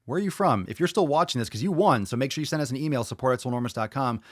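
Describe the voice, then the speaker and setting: A man's voice: medium pitch, animated, racing, no room sound, studio quality. A man hosting a podcast, chatting casually and bluntly, swearing freely as he reads viewer comments aloud and reacts to them. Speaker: podcast host.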